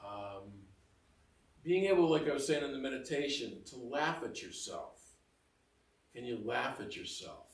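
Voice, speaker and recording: A man's voice: medium pitch, animated, measured pace, pauses often. Middle-aged male homilist, loose and self-mocking, a little off-mic in a roomy church. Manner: chatty, self-mocking, full of asides and laughter. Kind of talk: conversational homily. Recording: roomy echo, mic heard from a distance.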